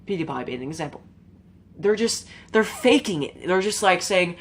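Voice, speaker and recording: Low-voiced woman rambling earnestly. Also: animated, normal speed, slightly rough. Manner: rambling, informal, with frequent fillers and mild swearing; earnest and emotional. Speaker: YouTube commentator. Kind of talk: casual opinion monologue.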